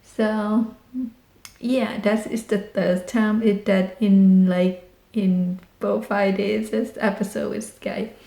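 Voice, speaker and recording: Excited woman with mellow voice, roomy. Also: medium pitch, slow, gravelly. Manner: excited, animated retelling with dramatic exclamations. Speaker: vlogger. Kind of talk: casual storytelling. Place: home in rural Texas.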